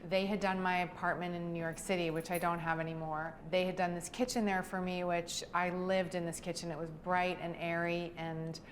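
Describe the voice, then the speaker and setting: Low-voiced woman gushing over her home. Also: a little fast, hardly any pauses. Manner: gushing, relaxed, with fillers. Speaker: homeowner giving a house tour. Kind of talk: video house tour narration.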